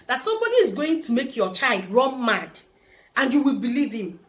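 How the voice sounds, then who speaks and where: Animated young Nigerian woman telling a story. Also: a little high, a little fast. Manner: animated, acts out quoted voices. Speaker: vlogger. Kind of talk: storytime vlog.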